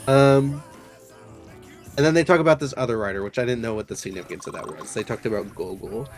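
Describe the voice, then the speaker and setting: A man's voice: mid-range voice, fast talker, faint music behind. A young man casually talking through a book's chapters while gaming, with a rambling, hesitant manner full of fillers and self-corrections. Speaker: book discussion host. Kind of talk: casual book discussion while playing a game.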